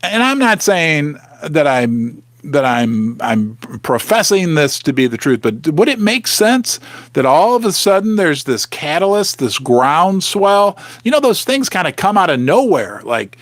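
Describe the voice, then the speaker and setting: Middle-aged male livestream host, animated and rambling, dry close sound. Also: fairly high pitch, measured pace, dry recording. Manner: rambling, restarts often, thanks viewers. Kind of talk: casual livestream chat.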